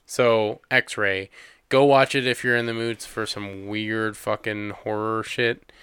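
Male podcast co-host, laid-back movie talk full of cursing and filler, smooth dry voice. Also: fairly low pitch, fairly even intonation, slow, a bit bright, dry recording. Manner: casual, swears freely, lots of filler words. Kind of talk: casual film review chat.

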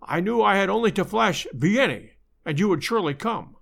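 A man's voice: high-pitched, animated, gravelly, a bit bright, exaggerated voice. Man reading as a cool, understated detective. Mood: calm. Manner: measured, understated, precise. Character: calm, shrewd male detective, middle-aged, dry.

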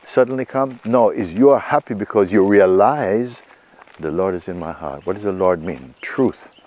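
A man giving a spiritual talk to a gathering, asking questions and answering them himself and softly repeating phrases. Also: on the low side, moderate pace. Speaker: spiritual teacher.

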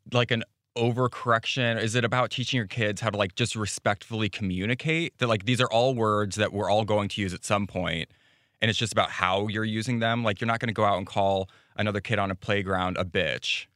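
A man's voice: fairly low pitch, brisk, fairly bright tone, dry recording, studio quality. A man co-hosting a casual podcast, asking probing questions with plenty of fillers.

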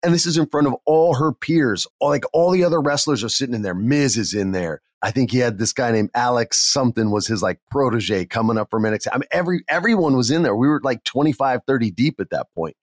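A man casually telling a backstage story, animated and acting out the people he quotes. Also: mid-range voice, fast talker, hardly any pauses, no echo, studio quality. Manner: animated, acts out quoted voices. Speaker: podcast guest telling stories.

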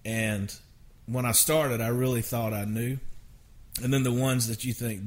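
A man's voice: on the low side, normal speed. A man, a songwriter guest, telling stories in a rambling, self-interrupting way with frequent chuckles. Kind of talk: casual storytelling interview.

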